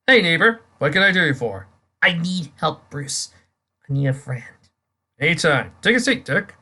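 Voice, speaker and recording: Reader voicing a genial rich businessman, welcoming, bright, lively. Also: fairly high pitch, normal speed, voice pushed up, full character voice. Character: friendly rich older businessman, easygoing mentor.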